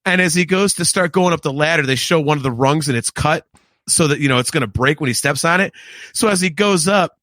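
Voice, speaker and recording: A man co-hosting a podcast, chatting excitedly about a film and acting out lines with laughs. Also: fairly high pitch, a little fast, dry recording. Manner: excited, laughing, acts out quotes. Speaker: podcast co-host. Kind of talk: casual film review chat.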